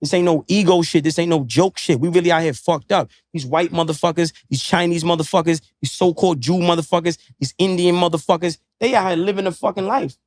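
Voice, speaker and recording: A man's voice: on the high side, fairly quick, few pauses, a little mellow, no echo, clean studio sound. A man who is a podcast guest, lecturing in casual chat with emphatic, profane street slang. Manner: preachy, lecturing.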